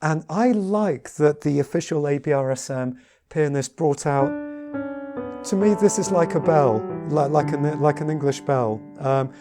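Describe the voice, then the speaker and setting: A man giving a casual piano lesson, talking in a halting way with many repeated words and fillers. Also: fairly high pitch, expressive. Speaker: piano teacher. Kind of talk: casual spoken tutorial. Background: piano playing between remarks.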